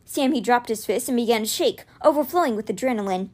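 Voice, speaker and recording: A woman reading a children's fantasy novel aloud, narrating expressively. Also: fast. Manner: expressive, voices dialogue with raised pitch. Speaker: reader.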